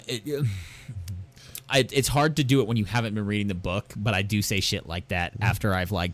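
Animated, storytelling man, lowish voice. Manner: animated storyteller, swears freely, acts out quotes. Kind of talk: casual chat. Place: garage.

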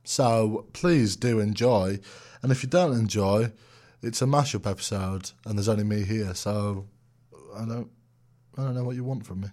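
A man hosting a casual podcast chat in a jokey, deadpan way. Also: on the low side, normal speed. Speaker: podcast host.

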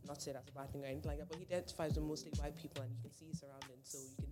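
Fast-talking host firing questions. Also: mid-range voice, fairly even intonation, music in the background. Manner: rapid, probing questions, many "like" fillers. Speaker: podcast host asking questions. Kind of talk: casual group discussion.

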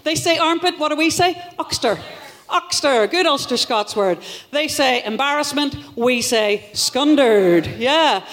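A middle-aged Northern Irish woman performing a wry, punchy stand-up set at a live venue, with loud bursts. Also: high voice, lively intonation, a little slow. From Northern Ireland. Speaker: stand-up comedian. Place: live comedy venue with audience.

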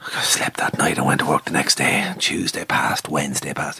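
A man's voice: very deep voice, fairly even intonation, normal speed, creaky, bright, forceful tone, husky, no room sound, whispered. An Irish man, middle-aged, telling a long anecdote in casual chat, swearing freely and acting out what people said.

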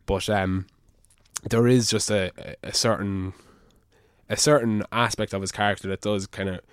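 Man, young, lowish voice, blunt and opinionated, dry close sound. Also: fairly even intonation, moderate pace, smooth, no room sound. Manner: opinionated, casual swearing. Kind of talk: casual chat.

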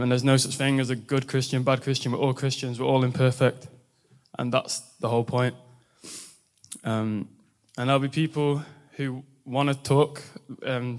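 A young man gives an earnest testimony to his church. His voice is smooth and resonant, and it stays level with very little melody. He speaks steadily and often pauses on fillers. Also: medium pitch. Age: 20s. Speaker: university student sharing testimony.

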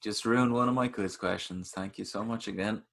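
A man's voice: on the low side, steady tone, normal speed, creaky, fairly bright tone. An Irish man co-hosting a podcast, goofy and joking in casual chat. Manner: goofy, joking, makes silly noises. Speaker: podcast co-host.

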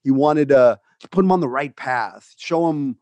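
A man's voice: medium pitch, measured pace, a little mellow, no echo. A man, an actor, reflecting earnestly in an interview about playing a difficult role. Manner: thoughtful, earnest, laughs lightly. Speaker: actor guest.

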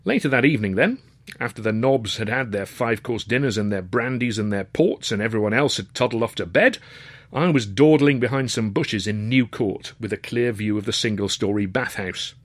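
A man's voice: lowish voice, normal speed, dry recording. A man reading his own novel aloud in a wry, dry-humoured, conversational storytelling manner. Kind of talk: storybook narration.

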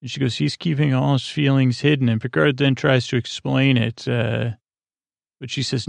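A man's voice: mid-range voice, flat delivery, moderate pace, gravelly, dry recording. A man hosting a sleep podcast, drowsily recapping an episode in a meandering way, full of fillers. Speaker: podcast host.

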